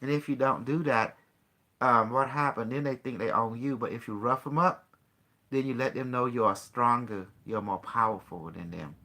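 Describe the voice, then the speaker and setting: A man's voice: medium pitch, moderate pace, bright, forceful tone. A man hosting a call-in show, talking casually in a rambling, boastful way. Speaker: show host.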